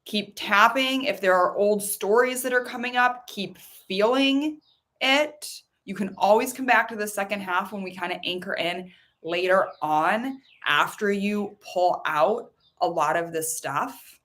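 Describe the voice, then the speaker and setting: A married woman with a medium-pitched voice leads a guided tapping meditation, giving slow, soothing prompts. She then shifts into telling her own story in a lively, chatty way, blending meditation with personal talk.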